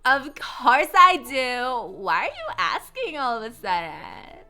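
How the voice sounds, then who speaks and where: A breezy young heroine with a valley-girl drawl, as a streamer puts her on. The tone is bright and bouncy. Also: a little high, very animated, normal speed, soft background music.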